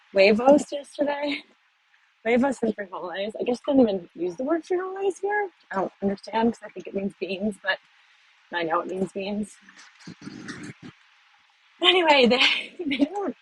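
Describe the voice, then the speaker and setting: An American woman with a mid-range voice vlogs casually on her phone while walking city streets, rambling and poking fun at herself. The low-quality recording carries a little hiss or hum.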